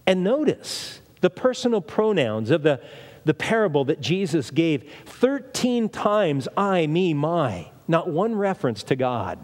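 A male preacher with a fairly high voice delivers a sermon, driving his points home through repetition and rhetorical questions. His words ring out with a long reverb, as if filling a large hall. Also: sing-song, unhurried. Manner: emphatic, repeats phrases and asks rhetorical questions.

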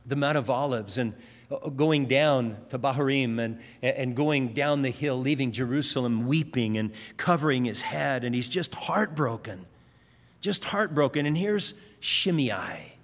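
A man's voice: a little slow, big-room sound. A man preaching a sermon, telling Bible stories and briefly acting out the characters' lines as he goes. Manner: storytelling, acts out quoted lines with rising pitch.

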